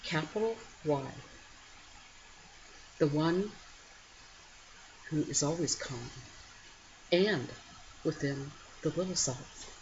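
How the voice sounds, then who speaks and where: Low-voiced woman in a gentle, reflective talk. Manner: slow, gentle, pausing, with sudden lively rises. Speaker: host of a spiritual morning program. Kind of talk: reflective guided meditation talk. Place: home at night. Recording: slightly muffled home recording with faint background noise.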